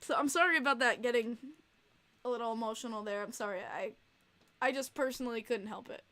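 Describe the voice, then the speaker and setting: A woman hosts a casual livestream podcast in a somewhat high voice. She talks with open emotion and rambles, with frequent fillers and restarts as she chats to her viewers. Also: a little fast, sharp tone. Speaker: podcast host and streamer.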